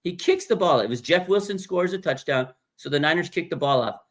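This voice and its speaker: A man's voice: a little high, expressive, a little fast. A man hosting a casual fan livestream, talking bluntly and with animation, reading viewer comments aloud and reacting to them. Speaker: livestream host.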